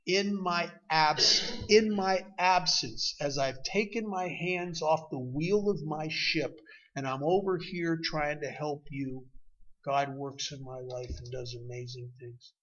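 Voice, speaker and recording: A man, speaking at a recovery meeting and telling a personal story with emotion, his voice swinging from loud to hushed. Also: on the high side, takes it slowly, muffled recording. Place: meeting room.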